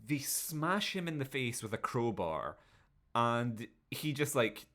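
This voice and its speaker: A man's voice: medium pitch, big pitch swings, slow pace, fairly bright tone. A man co-hosting a podcast, reviewing a bad film in casual, sweary chat and mocking the characters in put-on voices. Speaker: podcast co-host.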